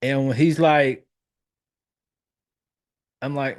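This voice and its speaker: Casual, profane podcast host recapping a film. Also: male voice, mid-range voice, a little slow, a little mellow. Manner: loose, profane, rambling with fillers and self-corrections.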